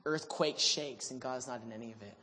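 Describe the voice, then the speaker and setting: A man preaching a sermon, telling the story in an animated, humorous way. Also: mid-range voice, brisk, long reverb tail, a little hiss or hum.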